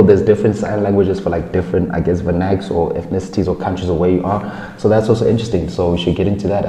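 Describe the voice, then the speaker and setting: Deep-voiced man, blunt, in an echoey room. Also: slight background noise. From South Africa. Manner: blunt and animated, swearing, quick asides. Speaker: podcast host. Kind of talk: casual opinion chat. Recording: echoey room with long reverb.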